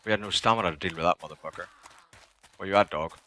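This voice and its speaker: A man streaming a survival game live, commenting excitably, swearing often and yelping when startled. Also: low voice, fast.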